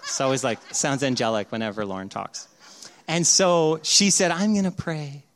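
A middle-aged male pastor preaching a sermon, telling stories animatedly and acting out the voices, dropping from loud to hushed. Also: medium pitch, animated, normal speed, a little hiss or hum.

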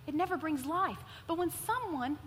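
A woman preacher giving a sermon, telling stories in an animated way and repeating words for emphasis. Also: very high voice, normal speed, a little hiss or hum. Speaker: pastor. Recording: hall reverb with faint ambience.

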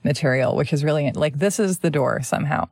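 A woman hosting a podcast in a low, gravelly voice. She talks in a thoughtful, measured way and reads aloud from a book. The sound is close and dry. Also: darkish tone, no room sound. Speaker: podcast host. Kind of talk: casual chat, reading from a book.

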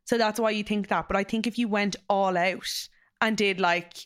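A woman's voice: medium pitch, steady tone, moderate pace. A young adult woman with an Irish accent hosting a podcast in casual chat, chatty, laughing often and swearing freely. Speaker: podcast host.

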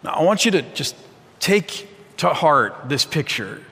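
A man's voice: a little high, sing-song, unhurried, creaky, bright, forceful tone, breathy edge. A man preaching a sermon as a pastor, earnest and conversational, often restarting his words. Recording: long reverb of a large hall.

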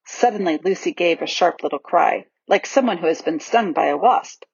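Expressive woman reading a storybook. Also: fairly low pitch, normal speed, vocal fry, breathy edge, no room sound. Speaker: audiobook reader. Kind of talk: storybook narration. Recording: dull lo-fi recording.

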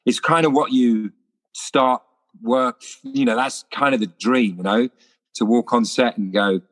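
Lively man telling anecdotes. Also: mid-range voice, measured pace. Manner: lively storyteller, acts out voices. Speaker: actor guest. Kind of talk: casual anecdotal chat.

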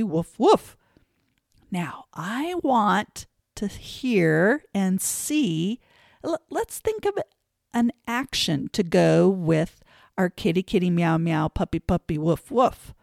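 A woman's voice: fairly low pitch, gravelly, a little mellow, dry recording, studio quality. A woman giving kindergarten teachers classroom tips in a playful manner, breaking into sing-song chants to demonstrate them. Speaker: teacher trainer, podcast host.

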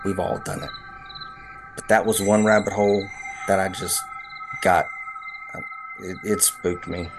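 A man slowly telling a personal story, pausing and hesitating as he reflects. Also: low-pitched, flat delivery, music in the background. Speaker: storyteller guest.

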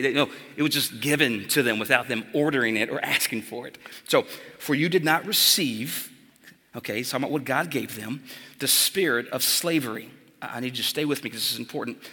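A man preaching a sermon as pastor, animated and direct, calling on his listeners. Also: mid-range voice. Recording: long hall reverb.

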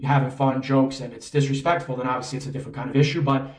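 A man's voice: medium pitch, steady tone, fast, a little mellow. A man coaching in a conversational way, often checking in with "right?". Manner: conversational, keeps asking "right?". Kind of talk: spoken coaching talk. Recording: roomy echo, mic at a distance.

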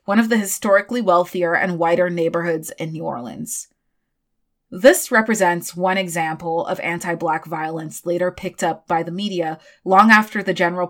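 A woman hosting a history podcast, reading scripted narration broken up by animated, sarcastic asides. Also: lowish voice. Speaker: podcast host.

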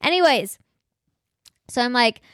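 A young woman hosting a podcast, telling family stories in a chatty, animated way, often laughing and saying "like". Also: fairly high pitch, unhurried, no room sound, studio quality. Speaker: podcast host. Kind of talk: casual storytelling monologue.

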